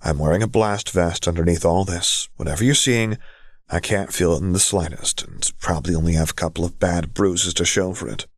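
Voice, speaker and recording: A man reading a story aloud and voicing a calm young guard who speaks in an easy, reassuring tone. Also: low voice, fairly quick, no echo, studio quality.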